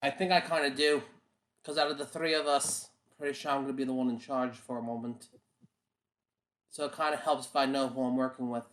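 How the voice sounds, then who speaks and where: A man playing a tabletop game, calmly describing his character's actions with some hesitant fillers. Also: medium pitch, brisk. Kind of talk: in-character roleplay.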